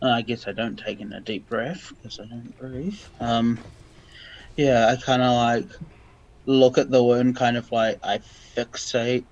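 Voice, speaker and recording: A man playing in a tabletop game, talking hesitantly and thinking out loud about his character's actions. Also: mid-range voice, fairly even intonation, unhurried, lo-fi sound. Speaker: player. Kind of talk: casual tabletop game chat.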